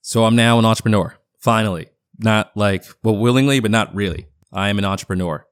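A man in his thirties talks through a solo podcast update in a relaxed, rambling way, full of fillers and restarts. His voice sits very low, with a faint Boston accent. The sound is dry and close, with no room around it. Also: fairly quick, clear, resonant tone, no echo. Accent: partial Boston. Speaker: podcast host. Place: home basement.

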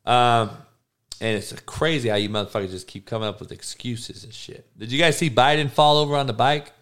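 A man's voice: medium pitch, steady tone, fairly quick, a bit bright. A man hosting a podcast, delivering a crude, mocking, heated rant full of swearing. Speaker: podcast host. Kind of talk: crude ranting commentary.

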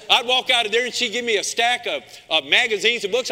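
A man's voice: high-pitched, quick pace, hardly any pauses, pushed and bright. A male pastor preaching a sermon, emphatic, calling out to his congregation in a church sanctuary. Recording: long reverb in a large room.

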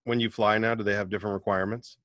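A man hosting a laid-back podcast chat, recorded close and dry with no room sound. He riffs quickly and playfully between his questions. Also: lowish voice, level tone, fairly bright tone, dry recording.

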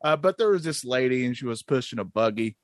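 A man's voice: medium pitch, animated, fast talker, dry recording, clean studio sound. A man co-hosting a podcast, telling a story in a laid-back, casual way. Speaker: podcast co-host. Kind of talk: casual chat.

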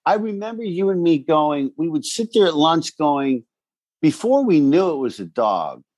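A man's voice: on the high side, very animated, moderate pace, a little mellow, dry recording, muffled recording. A man co-hosting a podcast, chatting casually and swearing often as he tells a story. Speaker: podcast co-host. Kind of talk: casual chat.

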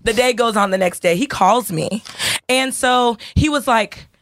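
Woman podcast host, chatty storyteller, mid pitch, dry close mic. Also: moderate pace, dry recording. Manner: animated storyteller, acts out quoted dialogue. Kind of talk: casual chat, storytelling.

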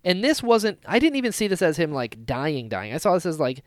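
A man in casual conversation on a podcast, his voice pitched a bit high and swinging widely as he gets worked up. He acts out moments with sudden loud exclamations. The sound is dry and close, with no room behind him. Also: brisk, dry recording. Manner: excitable, acts out scenes with sudden loud outbursts. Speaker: podcast co-host. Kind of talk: casual fan discussion podcast.

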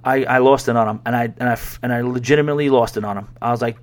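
Male podcast host from New York, middle-pitched, casual rambling storyteller with plenty of fillers. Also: steady tone, rapid-fire, few pauses. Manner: rambling, conversational, many fillers. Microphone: podcast microphone.

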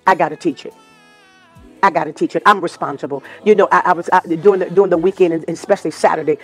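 A man preaches as a gospel minister, his voice a little high, slightly rough and fast, with fairly even intonation and faint music in the background. He tells personal stories in an informal preaching style, repeating phrases for emphasis and sometimes moving into sung lines.

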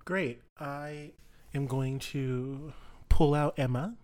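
A man's voice: mid-range voice, slow pace, a little mellow, no echo. A man playing a tabletop game, hesitant with lots of filler sounds. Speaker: player.

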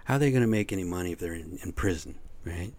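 A low-voiced man rants in a loose, profane monologue to his viewers. He sounds exasperated and swears constantly as he talks. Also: quick pace, a little mellow. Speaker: vlogger. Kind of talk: casual ranting monologue.

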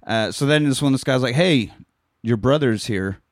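A man's voice: mid-range voice, dry recording, studio quality. A man casually recapping a film with friends, swearing and briefly voicing the characters as he retells scenes. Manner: profane, retells scenes doing quick voices. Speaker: podcast host recapping a film. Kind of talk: casual movie recap chat.

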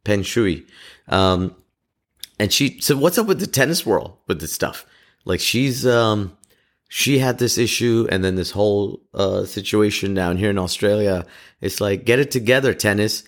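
Low-voiced man ranting loosely on camera, halting, restarting, self-mocking. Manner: rambling, halting, frequent restarts, laughs at himself. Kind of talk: casual rambling monologue.

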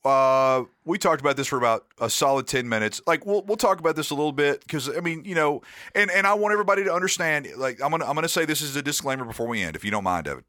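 Male podcast co-host, rambling self-deprecating storyteller, bright voice, dry close mic. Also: a little high, animated, fast talker, no room sound. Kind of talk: casual podcast chat.

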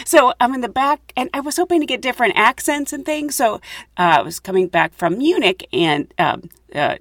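Woman podcast host, chatty, giggly, lively pitch swings, dry close sound. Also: moderate pace, no room sound. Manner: chatty, giggly, self-mocking. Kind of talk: casual storytelling monologue. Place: closet at home.

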